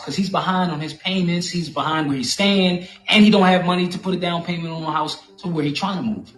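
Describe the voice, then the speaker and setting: A man telling a story in animated, slangy, profane street talk. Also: on the high side. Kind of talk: casual storytelling monologue. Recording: echoey room with faint music.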